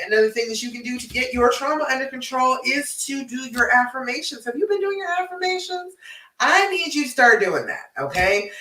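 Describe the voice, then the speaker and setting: A woman's voice: a little high, pushed and bright, reverberant, recorded from a distance, rough recording. A woman relationship coach giving direct, encouraging advice on a live stream, checking in with her listeners as she goes. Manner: direct and encouraging, tag questions like "all right?"; laughs often, frank and a little salty.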